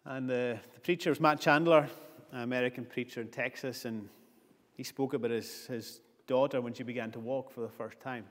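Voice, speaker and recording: A man's voice: medium pitch, steady tone, a little fast. A man preaching a sermon earnestly, building his points with repeated phrases. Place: church. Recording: long church reverb.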